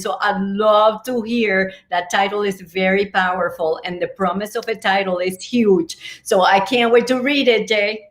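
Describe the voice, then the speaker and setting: A woman business coach speaks as a guest in an interview, earnest and encouraging. She pauses and restarts often, filling gaps with ums. Her voice sits at a middle pitch. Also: steady tone. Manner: warm, earnest, hesitant with fillers, laughs often.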